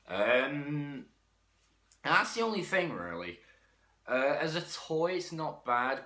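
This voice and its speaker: A man's voice: mid-range voice, sharp tone. A man giving a casual, rambling toy review, often correcting himself mid-sentence. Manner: chatty, self-correcting, frank. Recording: echoey room.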